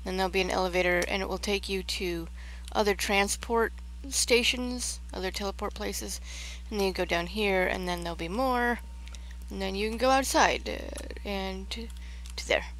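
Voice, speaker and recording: A woman's voice: mid-range voice, normal speed, a bit bright, slight background noise, rough recording. A woman chatting casually on a game livestream, rambling and trailing off as she gives a tour of a build. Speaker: Minecraft livestreamer.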